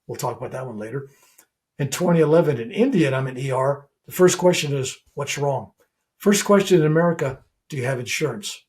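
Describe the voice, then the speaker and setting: An older man, a reverend, telling a personal story as a podcast guest. He is animated and acts out the dialogue as he goes. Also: a little high, fast.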